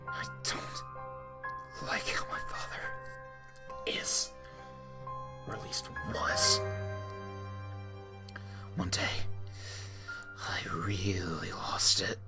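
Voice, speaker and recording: A twitchy teenage boy turned killer, as a young man voices him in a creepypasta monologue, stuttering over his words. The voice is low, gravelly and half-whispered, dragging slowly through every line. Music plays steadily behind him. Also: big pitch swings, exaggerated voice. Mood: numb, grim. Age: 20s. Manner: stammering, numb then unhinged. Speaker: voice actor.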